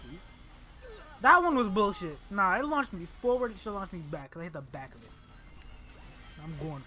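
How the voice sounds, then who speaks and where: Casual gamer host, bright and very lively, swearing and muttering at a platform game through a desk mic. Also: male voice, high voice, normal speed, faint music behind. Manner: exasperated, swearing, yelling at the game; mutters under breath between outbursts. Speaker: gaming channel host. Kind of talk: casual let's play commentary. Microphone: desk microphone by a laptop.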